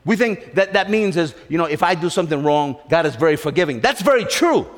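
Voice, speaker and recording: High, lively-voiced preacher in a reverberant hall. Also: male voice, brisk. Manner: emphatic, repeats phrases, asks the congregation questions. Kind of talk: sermon.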